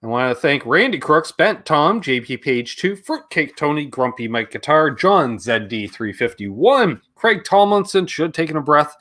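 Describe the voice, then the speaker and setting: A man's voice: fairly high pitch, sing-song, normal speed, few pauses, fairly bright tone. A middle-aged Canadian man co-hosting a live guitar stream, chatting casually and reading out viewer names.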